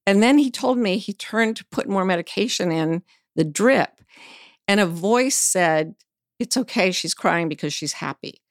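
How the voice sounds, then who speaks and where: Frank woman with a gravelly voice. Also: medium pitch, lively intonation, measured pace, dry recording, studio quality. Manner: candid, frank, sometimes swears. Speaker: interview guest. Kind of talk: personal storytelling in conversation.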